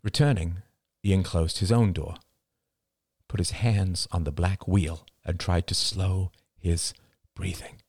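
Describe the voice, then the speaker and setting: A man narrating an audiobook chapter in a lively, expressive reading. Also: sits low, takes it slowly, husky, no echo, studio quality.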